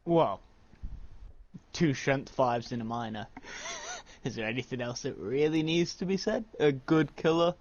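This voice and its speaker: A man joining as guest on a casual gaming chat, giving relaxed, brief opinions. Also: mid-range voice, a little slow, long pauses, highs cut off, a little hiss or hum. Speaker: guest co-host.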